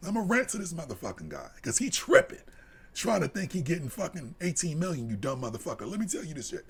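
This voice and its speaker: A man co-hosting a live sports podcast, delivering a heated, profane rant that drops to low mutters and climbs to shouts. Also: big pitch swings, fast talker. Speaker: podcast co-host.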